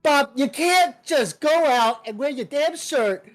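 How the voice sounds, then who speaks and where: A man voicing a shrill, fed-up wife who nags her drunk husband at a tavern. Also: lively intonation, measured pace, faint music behind, low-quality recording. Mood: scolding. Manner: nagging, exasperated yelling.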